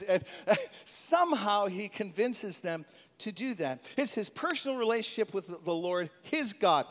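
A male pastor preaching a sermon in a church, animated, with chuckles and call-and-response with the congregation. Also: sits high, moderate pace. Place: church sanctuary. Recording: long reverb in a large hall.

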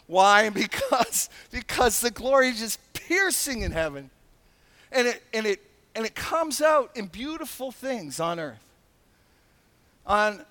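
A man preaching a sermon, animated and emphatic, with frequent asides and laughs. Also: extremely high pitch, moderate pace. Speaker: pastor.

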